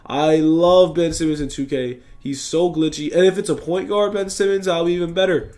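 A man's voice: fairly high pitch, fairly even intonation, normal speed, a little mellow, faint music behind. A young man giving casual, rambling commentary on basketball card predictions, reading stat lines aloud and correcting himself as he goes. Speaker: gaming YouTuber.

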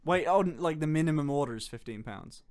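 Young streamer, light higher voice, fast and joking on a call. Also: male voice, animated, a little mellow, smooth. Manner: fast, joking, swears often, laughs a lot. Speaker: streamer host. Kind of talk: casual stream chat.

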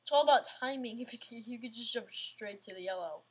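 A woman's voice: on the high side, a little fast, a little hiss or hum. A woman giving casual, self-mocking gameplay commentary, getting frustrated and talking back at the game. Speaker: gamer playing an obstacle course game.

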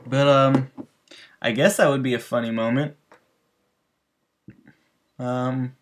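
A man hosting a gaming channel, telling loose, rambling stories over gameplay and talking straight to his viewers. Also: mid-range voice. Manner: rambling, loose, full of restarts and asides to viewers. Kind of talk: casual storytelling over gameplay.

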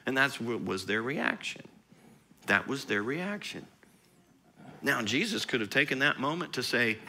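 A man preaching a sermon as pastor, animated and rising to loud, emphatic outbursts. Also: mid-range voice, moderate pace, gravelly, a little hiss or hum.

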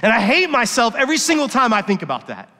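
A man's voice: very high voice, wildly swooping pitch, fast talker. Man preaching a confessional sermon in a reverberant church. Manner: confessional storytelling, swings from quiet to emphatic. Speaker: worship pastor. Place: church sanctuary. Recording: long reverb of a church hall.

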